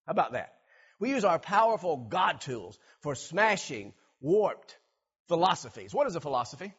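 A man preaching a sermon, animated, acting out everyday scenes and repeating words for emphasis. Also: on the high side, moderate pace, breathy edge, muffled recording. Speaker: pastor.

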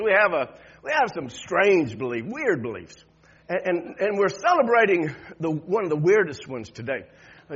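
A man's voice: high voice, a bit bright, breathy edge. A man preaching an Easter sermon in a conversational way, often repeating words and chuckling. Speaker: pastor. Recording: dull lo-fi sound.

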